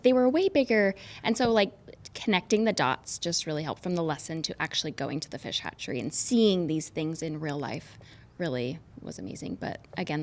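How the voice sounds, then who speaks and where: Woman teacher, lowish pitch, lively animated telling. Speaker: fourth grade teacher. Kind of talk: podcast conversation.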